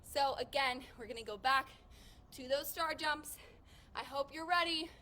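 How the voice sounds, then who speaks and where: High-voiced, breathless woman fitness coach. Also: unhurried, bright, forceful tone. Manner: upbeat, encouraging, counts reps aloud. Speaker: fitness instructor. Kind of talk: live workout coaching.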